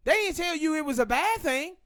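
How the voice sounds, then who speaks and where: Southern male podcast host, high-pitched, opinionated, talks with hard emphasis. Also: animated, bright, forceful tone, dry recording, clean studio sound. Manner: emphatic, ranting, drawn-out pauses. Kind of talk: opinionated casual commentary.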